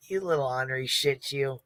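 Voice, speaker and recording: Brash, profane woman streamer with a bright voice. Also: a bass voice, dry recording. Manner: profane, brash, laughs often. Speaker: livestream host. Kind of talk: casual livestream commentary.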